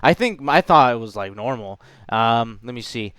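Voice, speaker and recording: A man's voice: mid-range voice, expressive, normal speed, a bit bright, clear, resonant tone, dry recording, studio quality. A man in his twenties telling a story in a casual vlog, rambling along with lots of fillers and calling the listener dude and man. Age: 20s. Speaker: vlogger.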